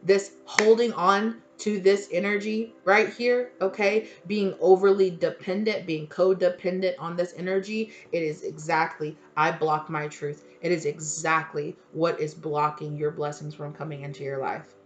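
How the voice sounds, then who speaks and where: A woman's voice: fairly low pitch, steady tone, moderate pace, hardly any pauses, slight background noise. A woman giving a casual tarot reading, blunt and emphatic, swearing freely and repeating her points. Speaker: tarot reader.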